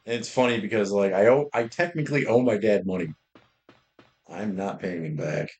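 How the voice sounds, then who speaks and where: A young man chats casually while streaming a game, rambling through stories and swearing freely. His voice sits a little low. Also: moderate pace, darkish tone. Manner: profane, rambling storytelling. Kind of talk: casual livestream chat while gaming.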